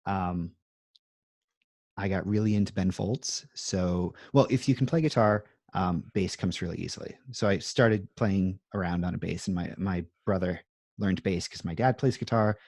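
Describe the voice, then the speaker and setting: A man's voice: deep voice, normal speed, darkish tone, no room sound. A man in his thirties, a guest in a casual interview, chatting from a home music room over a video call in a rambling, self-deprecating way full of fillers. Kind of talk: casual chat.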